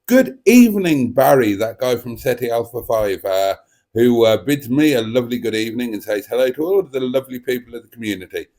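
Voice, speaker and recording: A man's voice: medium pitch, fast, a little mellow. A man hosting a live stream, chatting casually and reading out viewer comments in a playful, cheeky, theatrical way.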